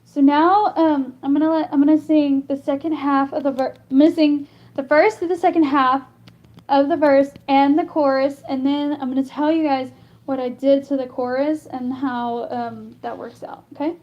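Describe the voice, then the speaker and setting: A woman teaching singing improvisation in a casual live stream, halting and full of fillers as she explains. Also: sits high, steady tone, highs cut off. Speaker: singer teaching vocal improvisation.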